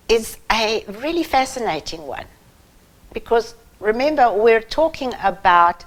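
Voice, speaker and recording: A middle-aged woman giving a deliberate, emphatic talk to parents, pausing between phrases. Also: on the high side, sing-song, rough recording. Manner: measured and emphatic, with long pauses between phrases. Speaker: parenting educator.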